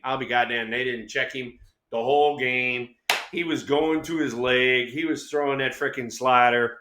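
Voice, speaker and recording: A middle-aged man co-hosting a baseball talk show, telling profane, animated stories and acting out quotes. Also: medium pitch, moderate pace, roomy sound. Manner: animated, swears freely, acts out quotes. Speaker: co-host, former ballplayer.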